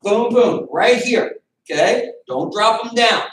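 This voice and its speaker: He speaks slowly but animatedly, in a very high-pitched, fairly bright voice. The man is a martial arts instructor leading a beginner boxing class via video call, calling out counts and commands as he coaches. The audio has room echo and a faraway microphone.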